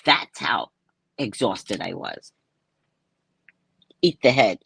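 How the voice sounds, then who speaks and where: A woman's voice: extremely low pitch, very animated, slow pace, vocal fry, fairly bright tone, breathy edge. A woman in her sixties, chatting casually and playfully with viewers on a live stream, laughing as she talks. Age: 60s. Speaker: live stream host and psychic reader. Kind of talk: casual live chat answering comments.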